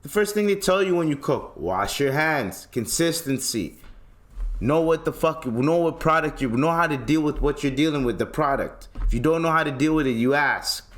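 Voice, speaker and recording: A man's voice: on the high side, lively intonation, moderate pace, fairly bright tone. A young man from Toronto with a Toronto accent, hosting a podcast and ranting in a solo monologue, exasperated, profane and mocking. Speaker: podcast host.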